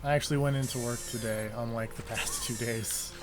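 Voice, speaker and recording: A man's voice: mid-range voice, steady tone, a little fast, music in the background. A young man with a nasal, congested voice, chatting casually while playing a video game on stream. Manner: chatty, reacting out loud to the game. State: congested from allergies. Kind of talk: casual gameplay commentary.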